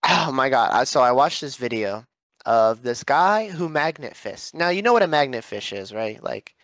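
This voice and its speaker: A man's voice: mid-range voice, lively intonation, moderate pace, fairly bright tone, dry recording. Young man telling mocking stories. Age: young adult. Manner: storytelling, mocking, jokey. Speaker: podcast co-host. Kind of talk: casual podcast chat.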